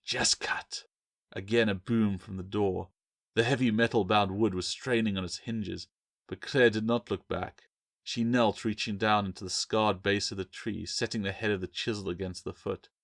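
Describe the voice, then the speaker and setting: A man, the author, narrating his fantasy novel aloud in a measured, dramatic manner. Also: fairly low pitch, steady tone, creaky, dry recording, clean studio sound. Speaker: author reading own book. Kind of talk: audiobook narration.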